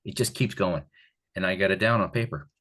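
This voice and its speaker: An older man from the Catskills talking as an author guest in a casual interview, rambling and animated, with many restarts. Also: low-pitched, a little fast. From Catskills, New York.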